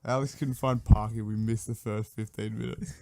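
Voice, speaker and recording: A man's voice: fairly low pitch, little pitch movement, moderate pace, vocal fry, background noise. A man co-hosting a casual podcast, joking and swearing freely in banter with his friends. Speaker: podcast co-host.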